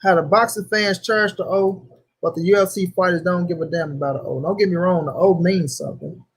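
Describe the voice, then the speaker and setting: Young man, high voice, slangy livestream host, loose chatty delivery. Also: fairly even intonation, fairly quick, slightly rough. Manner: loose slangy talk, greets chatters by name. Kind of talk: casual livestream chat.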